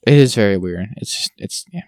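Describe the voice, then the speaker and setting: This is a man co-hosting a casual podcast, with a voice that swings widely in pitch. He rants with exasperation and jumps sharply upward on his complaints. The recording is dry and close, with no room sound. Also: lively intonation, a little fast, a little mellow, no room sound. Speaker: podcast co-host. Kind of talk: casual chat.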